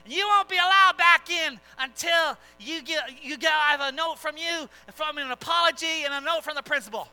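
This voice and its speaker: Preacher putting on a stern old schoolteacher. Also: female voice, high voice, brisk, sharp tone, soft background music. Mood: scolding. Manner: scolding, formal and prim. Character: stern old female schoolteacher, strict and indignant.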